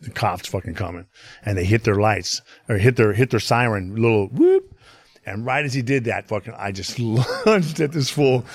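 A man with a low, gruff voice talks over a dry, close studio mic. He tells his story in a loose, profane ramble, dropping "you know what I mean" again and again. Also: normal speed, no echo. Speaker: podcast guest. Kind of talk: casual storytelling chat. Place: podcast studio.

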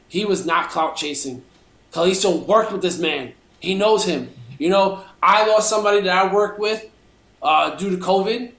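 A man with a fairly high voice rants hard on a podcast, swearing at every turn and calling people out. The sound bounces around a roomy space. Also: moderate pace, fairly bright tone. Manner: profanity-laced, fired-up ranting. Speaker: podcast co-host. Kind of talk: heated opinion rant on a podcast.

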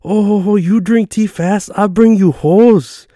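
A man putting on a high-pitched woman waitress with a Chinese accent, teasing in clipped broken phrases. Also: slow pace, mellow, dry recording, clean studio sound. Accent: Chinese-accented English. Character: teasing middle-aged woman waitress, mocking.

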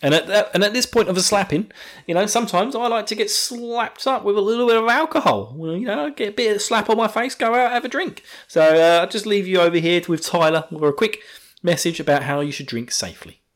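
A man's voice: sits high, expressive, a little fast, a bit bright. A man chatting casually as a podcast host, joking and laughing often, recorded too close to his mic. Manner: jokey, laughs often, puts on silly voices. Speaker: podcast host recapping an anime episode. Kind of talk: casual chat.

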